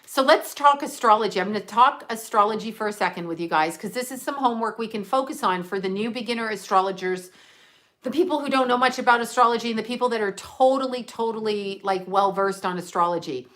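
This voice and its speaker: A woman's voice: on the high side, fast, a bit bright. A middle-aged woman hosting a casual livestream from her phone, chatty, laughing often and swearing casually. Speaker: livestream host. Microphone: handheld phone.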